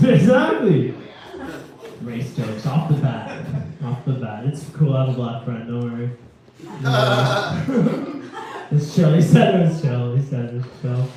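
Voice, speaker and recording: A man's voice: medium pitch, very animated, measured pace, background noise. A young man doing crude, provocative stand-up and teasing the audience at a small comedy venue. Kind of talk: stand-up crowd work. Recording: echoey club from a distance with crowd.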